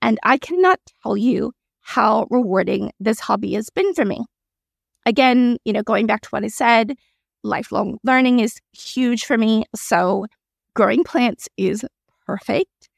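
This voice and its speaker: A woman talks through her own podcast, candid and chatty, often tossing in little asides to listeners. Her voice sits a bit high with a husky, breathy edge and plenty of vocal fry. The sound is dry and close, with no room around it. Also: unhurried, no room sound. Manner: chatty and candid, with frequent laughs and "right?" asides. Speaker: podcast host. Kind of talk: solo reflective podcast talk.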